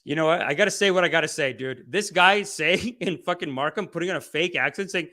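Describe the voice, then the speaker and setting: A man's voice: fairly high pitch, a little fast, few pauses, sharp tone. A man hosting a podcast, rambling, profane and mocking in loose commentary. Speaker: podcast host.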